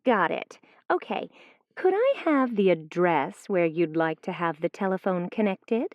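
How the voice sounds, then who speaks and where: A woman playing a courteous phone company clerk in a scripted exam dialogue, asking measured questions. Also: lowish voice, sing-song, no room sound. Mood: polite. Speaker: customer service clerk in a listening exam recording. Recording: dry muffled studio recording.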